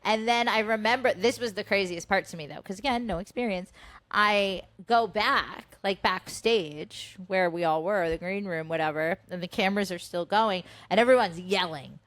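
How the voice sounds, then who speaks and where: A woman's voice: mid-range voice, moderate pace, no echo. A woman in her thirties co-hosting a podcast, telling a story casually with heavy swearing and acting out the voices of the people in it. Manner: animated, heavy swearing, acts out quoted voices. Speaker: podcast co-host.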